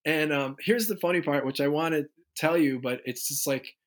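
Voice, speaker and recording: A man guest on an interview podcast, telling stories in a loose, animated way and acting out the people he quotes. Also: a little high, normal speed. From United States. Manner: animated storyteller who acts out quoted voices. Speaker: guest musician. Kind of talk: casual interview storytelling.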